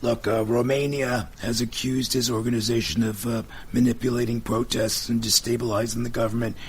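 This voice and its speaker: A man's voice: medium pitch, little pitch movement, fairly quick, slight background noise. A man with a Brooklyn accent hosting a talk radio show, punchy and emphatic as he runs through lists. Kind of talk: casual talk radio banter.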